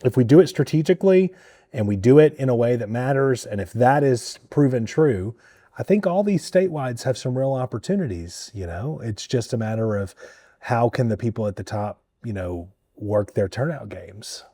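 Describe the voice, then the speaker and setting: A man serving as a state party chair, talking candidly and bluntly in a political interview, with a husky voice. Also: mid-range voice, animated, moderate pace, warm tone, no room sound, studio quality. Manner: candid, blunt, mildly profane.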